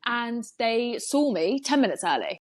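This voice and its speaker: A woman, co-hosting a podcast and telling everyday stories in a chatty, animated way over a video call. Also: fairly high pitch, measured pace. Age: 20s. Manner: chatty, animated storytelling with laughs. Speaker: podcast co-host.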